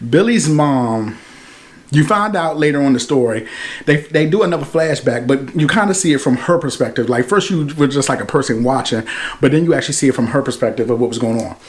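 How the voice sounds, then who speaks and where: Casual man retelling a movie plot. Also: mid-range voice. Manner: animated plot retelling with slang and acted-out quotes. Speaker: movie reviewer. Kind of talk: casual spoken film review.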